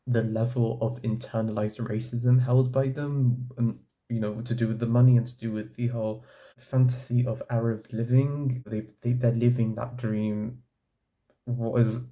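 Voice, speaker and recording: A young man with a very deep, mellow and dark tone talks through his opinions as a casual vlog. He rambles, circles back and fills gaps with "like" while he gathers his thoughts. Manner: rambling, frequent "like" and restarts. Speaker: vlogger.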